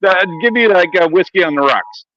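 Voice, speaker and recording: A man's voice: high-pitched, expressive, a little fast, highs cut off, slight background noise. A man co-hosting a casual chat, telling a profane story. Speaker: co-host.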